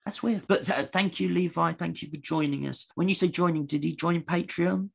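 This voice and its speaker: Male podcast co-host, gravelly and husky, lively rambling delivery. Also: fairly high pitch. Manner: rambling, halting, many restarts. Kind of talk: casual chat.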